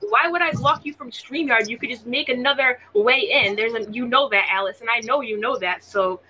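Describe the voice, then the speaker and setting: A woman's voice: on the high side, brisk, bright, forceful tone, slight background noise, low-quality recording. A woman with a mixed Canadian and Boston accent, hosting a livestream and venting emphatically, often repeating her words. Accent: Canadian-Boston mix. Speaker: livestream host. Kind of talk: livestream chat.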